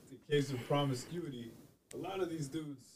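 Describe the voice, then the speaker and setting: A man's voice: on the high side, normal speed, darkish tone, a little hiss or hum, low-quality recording. A man co-hosting a podcast, dropping laid-back, offhand comments into a casual chat.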